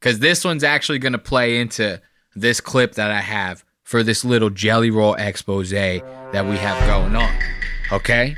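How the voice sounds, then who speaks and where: A man's voice: fairly low pitch, pushed and bright, no echo, studio quality. A man hosting a podcast, giving a mocking, profane reaction commentary on clips. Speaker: podcast host.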